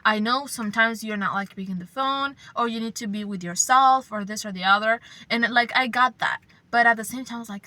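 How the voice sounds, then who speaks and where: Young woman vlogger, bright, slightly high voice; rambling, sweary, gushing casual chat with the odd whisper. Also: a little fast, no room sound. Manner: rambling, profane, effusive, slips into whispers. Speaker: channel host.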